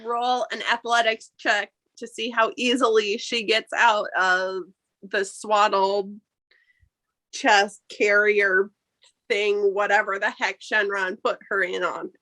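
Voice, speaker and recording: Bright, unhurried woman game master. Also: mid-range voice, level tone, poor audio. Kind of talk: running a tabletop game. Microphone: online call audio.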